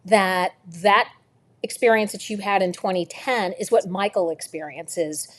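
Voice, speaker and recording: A woman hosting a book club interview over a video call, asking questions in a conversational, halting way. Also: mid-range voice.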